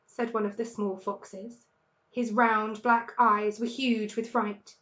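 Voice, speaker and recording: A woman's voice: a little high, slow, lo-fi sound. English woman reading a children's story. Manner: expressive, lively storytelling. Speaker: teacher reading to pupils. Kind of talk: storybook read-aloud.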